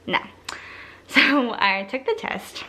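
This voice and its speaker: A woman's voice: mid-range voice, normal speed, sharp tone. A young woman telling a personal story in a casual, chatty way, full of "like" fillers and acted-out quotes. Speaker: vlogger.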